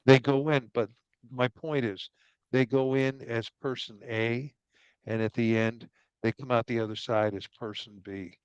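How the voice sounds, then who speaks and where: A male podcast host who is a doctor, telling a story in a measured, reflective way. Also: medium pitch, fairly even intonation, smooth, no echo, muffled recording. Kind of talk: casual storytelling chat.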